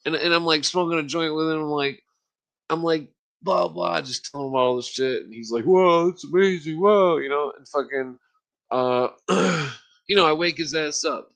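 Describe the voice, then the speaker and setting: A man hosting a podcast, ranting in a casual, profanity-laced monologue and often clearing his throat. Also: fairly high pitch, moderate pace, fairly bright tone. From United States. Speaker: podcast host. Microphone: podcast microphone.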